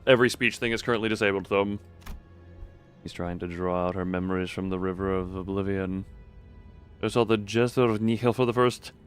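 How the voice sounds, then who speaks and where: A man live-streaming a story game, chatting animatedly with frequent laughs and reading the game's text aloud in a lowered, dramatic tone. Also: steady tone, brisk, clear, resonant tone, faint music behind.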